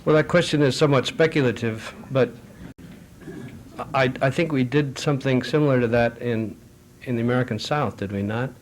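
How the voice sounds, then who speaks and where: A middle-aged man at a foreign affairs forum fields questions from the audience. His talk is measured and full of anecdotes, and he often pauses and restarts mid-sentence. His voice sits at an ordinary mid pitch. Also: slight background noise.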